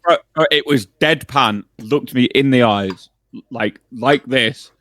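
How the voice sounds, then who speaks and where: Sweary animated podcast host. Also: male voice, mid-range voice, slow, no echo, studio quality. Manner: sweary, animated, often shouts when retelling. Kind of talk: casual chat, storytelling.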